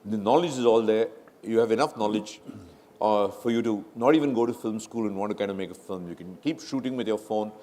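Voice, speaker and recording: A man's voice: fairly low pitch, brisk. A middle-aged man with an Indian English accent, a film director telling stories in a live fireside chat in a large hall, acting out quoted talk. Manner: animated, acts out quoted conversations.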